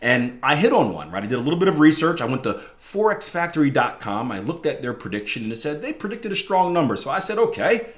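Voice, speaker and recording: A man hosting a trading coach podcast, telling stories in a casual, animated way and often tagging his sentences with "right?". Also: on the high side, fast, few pauses. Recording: roomy echo.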